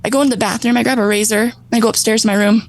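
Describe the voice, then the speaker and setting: Woman, 30s, somewhat high voice, guest telling her story, animated, acts out her past thoughts. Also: rapid-fire, low-quality recording. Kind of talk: emotional personal storytelling.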